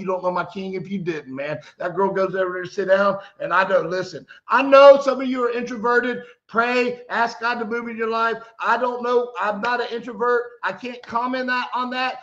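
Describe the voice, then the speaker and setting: A male preacher with a high voice gives a fervent sermon, swinging from conversational storytelling to loud exclamations. The audio is dull and lo-fi. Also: steady tone, brisk, few pauses. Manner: retells stories with quoted dialogue.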